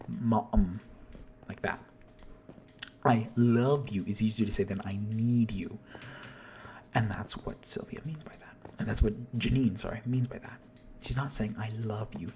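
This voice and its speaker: With a low-leaning, mellow voice and slight background noise, a man explains song lyrics casually on video. He rambles, quotes and half-sings lines, corrects himself, and often drops to a whisper.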